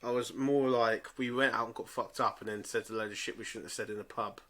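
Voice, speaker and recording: A man's voice: medium pitch, steady tone, a little fast, fairly bright tone. A young man co-hosting a podcast, chatting in a laid-back, sweary way with chuckles. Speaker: podcast co-host. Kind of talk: casual chat.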